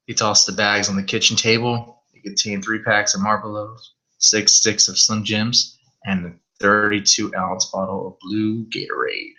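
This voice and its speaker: A man's voice: fairly low pitch, little pitch movement, normal speed, sharp tone, rough recording. A man reading a horror story aloud on a live stream, stumbling over words now and then and swearing in asides.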